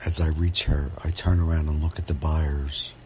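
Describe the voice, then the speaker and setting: A man, a real estate agent, telling a true story from his work in a measured, dramatic way. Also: very deep voice, little pitch movement, a little mellow, slight background noise. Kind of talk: first-person storytelling podcast.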